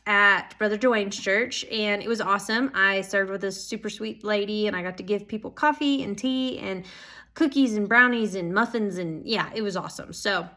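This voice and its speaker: Young woman, casual vlog, earnest, gushing, lots of ums, middle pitch. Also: normal speed, bright, forceful tone. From Oklahoma. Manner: earnest, gushing, rambling with many fillers. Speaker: Bible school student. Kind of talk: casual personal vlog update.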